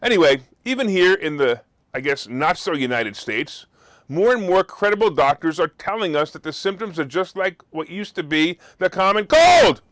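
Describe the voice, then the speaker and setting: A man hosting a live market talk show, his voice high and swooping all over the place. He talks with sarcasm and bursts into loud mock outrage, close to a desk mic in a dry, dead room. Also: very animated, moderate pace, dry recording. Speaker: host. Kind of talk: opinionated market commentary.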